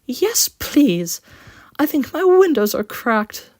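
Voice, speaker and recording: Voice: mid-range voice, very animated, a little slow, a little mellow, breathy edge, no echo, studio quality, pitched above the performer's own voice. A storyteller voicing a prim, offended female passenger coach who talks in a haughty, scornful way. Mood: whimpering.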